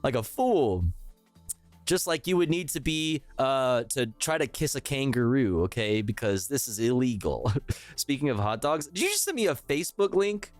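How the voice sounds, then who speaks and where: A man streaming live, reacting to clips with crude jokes and an animated delivery. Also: medium pitch, normal speed, no room sound, faint music behind.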